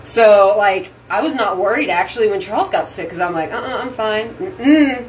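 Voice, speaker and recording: A woman's voice: medium pitch, lively intonation, moderate pace, slight background noise, rough recording. A woman hosting a casual vlog, chatting effusively to her viewers from a bathroom sink at home. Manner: chatty and effusive, says "y'all". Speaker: vlog host. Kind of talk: casual chat to camera.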